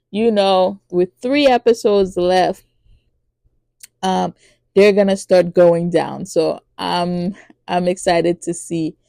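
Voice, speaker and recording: A woman hosting a podcast who recaps a TV drama in a casual, animated way, with lots of fillers and acted-out lines. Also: creaky, dry recording. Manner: acts out characters' lines in high voices. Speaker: podcast host reviewing a TV drama.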